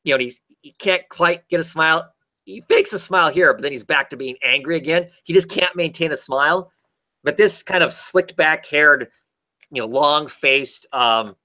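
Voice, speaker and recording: A man talking through a comic book review in a loose, rambling vlog style, stumbling over restarts and then getting excited while he retells the plot. His voice sits a little high and sounds bright and forceful. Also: normal speed. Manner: rambling, frequent fillers and restarts, enthusiastic retelling.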